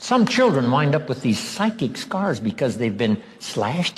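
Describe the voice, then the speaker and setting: Husky-voiced man giving a motivational talk. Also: mid-range voice, sing-song, unhurried, hardly any pauses. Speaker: motivational speaker.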